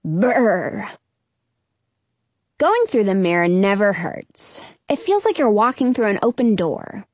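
A woman narrating a first-person children's story aloud, expressive and quick to burst into excited exclamations. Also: medium pitch, no echo. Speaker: audiobook narrator.

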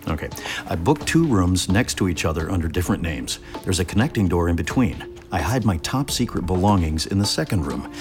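A secretive agent guy, deep voice, bouncy delivery, radio drama. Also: very animated, soft background music. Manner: brisk, conspiratorial. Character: resourceful, secretive adult male agent. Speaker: undercover agent.

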